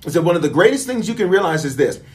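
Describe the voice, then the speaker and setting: A man's voice: on the high side, sing-song, very fast. A man preaching as bishop in a livestreamed sermon, calling out to his listeners and repeating lines for emphasis.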